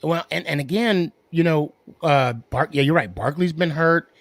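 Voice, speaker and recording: A man with a fairly high voice hosts the show with excitement, stumbling over restarts as he builds his case. The sound is dry, with no room around it. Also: moderate pace, dry recording. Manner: excitable, restarts and stammers when fired up. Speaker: podcast host. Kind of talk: casual sports chat.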